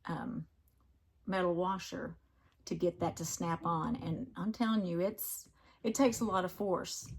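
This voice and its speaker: Woman vlogger, low-ish voice, rambling home craft chat. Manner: chatty, rambling, fond of her crafts. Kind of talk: casual chat.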